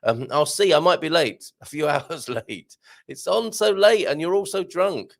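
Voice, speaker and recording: A middle-aged man with a slightly croaky throat hosts a live show in casual, jokey chat, reading out viewer comments and chuckling at himself. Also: fairly high pitch, animated, a little slow. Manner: jokey, chatty, self-mocking, frequent chuckles. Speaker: livestream host.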